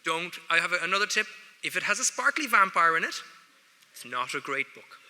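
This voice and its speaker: A man's voice: high voice, very animated, brisk, sharp tone. Wry Irish man speaking in a hall. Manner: wry, joking, addresses the audience directly. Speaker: guest speaker at a student award ceremony. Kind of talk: humorous ceremony speech. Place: large ceremony hall. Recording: echoey large hall.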